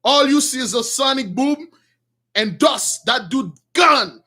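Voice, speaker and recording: A man with a very high voice and retells an old story to his viewers. He talks in animated bursts that often rise into shouts, then backs up to restart his sentences. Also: takes it slowly, a little hiss or hum. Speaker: religious storyteller.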